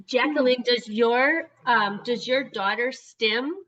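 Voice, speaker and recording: A woman's voice: fairly high pitch, slow, crowd noise. A woman hosting a support group on a video call, asking members to share. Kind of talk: casual group discussion. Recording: dull, muffled video call audio.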